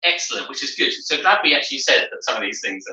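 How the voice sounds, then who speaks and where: A man from England chatting casually while he mixes a cocktail on a live stream, rambling through quick asides. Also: mid-range voice, sing-song, pushed and bright, distant mic. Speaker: co-host making cocktails. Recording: roomy, off-mic.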